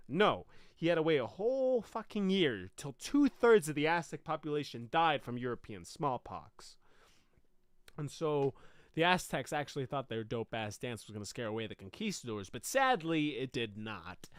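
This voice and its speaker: A man rehearsing a comic solo show, telling his story in a profane, animated way. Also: a little high, normal speed, clean tone, no room sound. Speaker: performer rehearsing a monologue.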